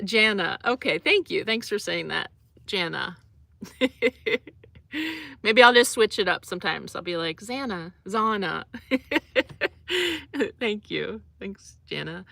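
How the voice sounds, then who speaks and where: Woman, young adult, livestream host, easygoing rambling chat, sharp bright tone. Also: on the low side. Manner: chatty, loose, frequent "like" and laughs. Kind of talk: casual livestream chat reading comments.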